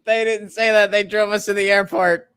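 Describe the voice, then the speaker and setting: A man chatting as a guest on a casual stream, bantering in a deadpan, mock-serious way. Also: high-pitched, moderate pace, slight background noise. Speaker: guest comedian. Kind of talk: casual live-stream chat.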